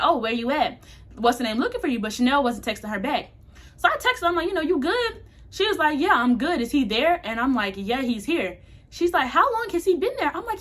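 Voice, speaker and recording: A woman's voice: fairly high pitch, fairly bright tone. A young woman casually telling a candid, slangy storytime to her camera. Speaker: vlogger.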